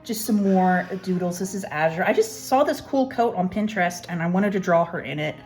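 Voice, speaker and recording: A young woman with a fairly low voice talks through her sketchbook in a rambling, self-deprecating way. She chats casually as she flips pages, and faint music plays underneath. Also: lively intonation, brisk, a little mellow. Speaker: artist, channel host. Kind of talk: casual sketchbook tour narration.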